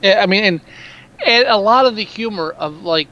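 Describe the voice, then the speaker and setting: A man's voice: sits high, expressive, normal speed, bright, forceful tone. A man co-hosting a casual movie review chat, blunt and profane as he rants about films. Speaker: podcast co-host. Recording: dull lo-fi mic.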